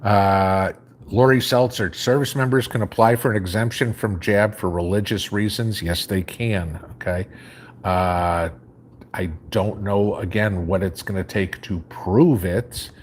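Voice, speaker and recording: A man with a very low voice and a faint Chicago accent hosts a live stream from home. He reads viewer comments aloud and answers them in a relaxed, rambling way. A faint hum sits under his voice. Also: unhurried. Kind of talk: casual live chat.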